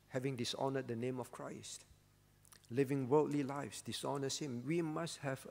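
A man preaching a sermon as pastor, earnest and pleading, often sinking to a soft voice. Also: mid-range voice, gravelly, long reverb tail. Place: church.

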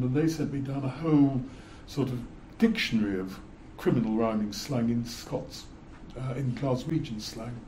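An older man, once a lawyer, appears as a guest speaker and tells anecdotes in a wry, amused manner, chuckling through his stories. His mid-range voice has a dark tone, and the recording carries a roomy echo plus slight background noise.

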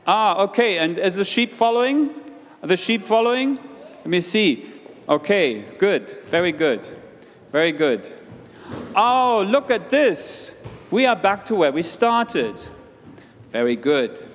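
In a church with long hall reverb, a preacher leads an interactive children's sermon, walking around as he talks. His high voice is very animated yet measured in pace, and he keeps things playful, firing questions at his young listeners.

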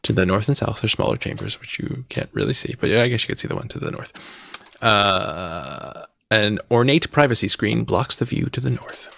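Gravelly low-voiced game master. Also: male voice, expressive, moderate pace, bright, forceful tone. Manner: reads scene descriptions with asides. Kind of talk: narrating a tabletop game.

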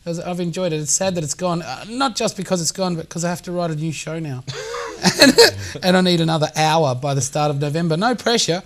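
A man's voice: fairly high pitch, a bit bright. A man, a comedian guest telling a stand-up style story, jokey and laughing through it. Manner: quick jokey, laughs through his own stories.

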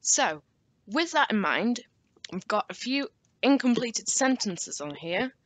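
A young woman teaching a recorded language lesson, patient and slowing down to spell and model each word. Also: fairly high pitch, sing-song, dry recording. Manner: patient, slows down to model words.

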